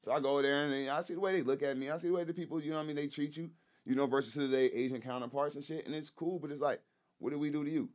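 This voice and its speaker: Podcast guest: man, quick and forceful, loose slangy talk, a touch high, hammers his points home. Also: fairly even intonation. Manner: emphatic, repeats himself, keeps saying "you know what I'm saying"; profane, loose slangy delivery. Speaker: guest, rapper and activist. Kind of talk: casual podcast chat.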